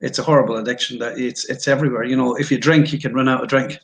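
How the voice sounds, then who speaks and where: A man's voice: mid-range voice, fairly even intonation, fast talker, poor audio. Frank Scottish man telling his story. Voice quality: frank, self-deprecating, anecdotal. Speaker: interview guest. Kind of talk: candid storytelling in conversation.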